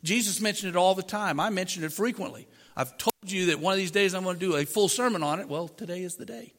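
Pastor, male, high-pitched voice, preaches conversationally with rhetorical questions, miked, long hall reverb. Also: quick pace, fairly bright tone. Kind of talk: sermon. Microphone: microphone.

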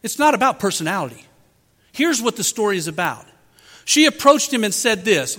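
A man's voice: sits high, very animated, fairly quick, a bit bright. A man preaching a sermon as pastor, asking rhetorical questions and acting out quotes. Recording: long hall reverb.

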